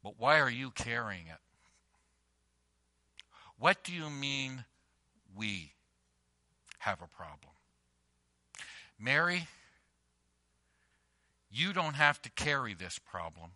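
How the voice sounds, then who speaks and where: A man voicing Jesus as a calm, reassuring man who offers to take someone's burden, speaking quietly and slowly. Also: fairly high pitch, clean tone, heavily acted.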